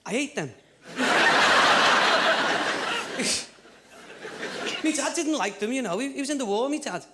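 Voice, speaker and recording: A man's voice: very high-pitched, animated, slow, very noisy. A man with a Liverpool accent doing a chatty stand-up comedy routine, stumbling over restarts between punchlines. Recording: echoey live theatre, loud audience laughter.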